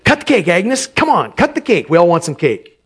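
A man voicing a gruff, blunt diner cook who talks loudly. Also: high-pitched, wildly swooping pitch, normal speed, heavily acted. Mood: gruff coaxing.

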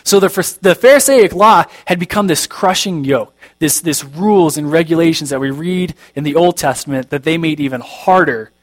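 Man, pastor, conversational sermon, somewhat high voice, faint mains hum. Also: moderate pace, few pauses. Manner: conversational, self-deprecating humor, reads scripture aloud.

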